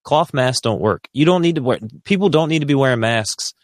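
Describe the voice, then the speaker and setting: A man co-hosting a podcast, talking in a casual, rambling, animated way with frequent restarts. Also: mid-range voice, a little fast, no room sound, clean studio sound. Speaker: podcast co-host.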